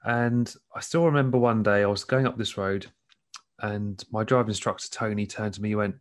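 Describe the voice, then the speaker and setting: A man's voice: on the low side, fairly even intonation, a little fast. A man co-hosting a casual chat, telling stories in a laid-back way. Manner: laid-back storytelling with laughs. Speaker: podcast co-host.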